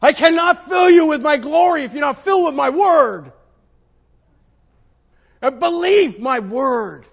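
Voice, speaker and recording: A man preaching, voicing God as a loving but stern father who gives booming, drawn-out commands. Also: expressive, vocal fry, exaggerated voice. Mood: commanding. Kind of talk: sermon.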